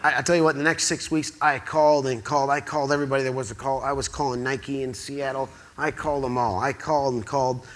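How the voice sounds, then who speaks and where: A man's voice: medium pitch, quick pace, hardly any pauses. A man from the Quad Cities telling a rambling story on a theatre stage, acting out the dialogue as he goes. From Quad Cities, US Midwest. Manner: excitable, rambling, acts out quoted dialogue. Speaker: speaker at an awards event. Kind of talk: storytelling to a live audience.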